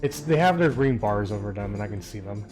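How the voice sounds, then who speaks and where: A man's voice: fairly low pitch, lively intonation, fairly quick. A man running a tabletop game as game master, describing scenes in a loose, rambling way with many hesitations. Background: soft background music.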